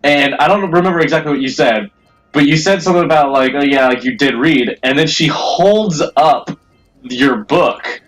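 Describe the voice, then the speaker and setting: A man's voice: medium pitch, fairly quick, fairly bright tone, faint music behind, poor audio. A young man co-hosting a casual gaming video, rambling through a school story with many fillers. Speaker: co-host.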